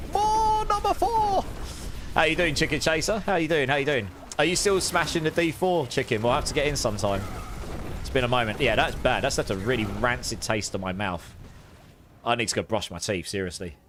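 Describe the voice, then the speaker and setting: A man streaming a game live, chatting with viewers in a casual, animated way and groaning through reactions. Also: mid-range voice, slight background noise.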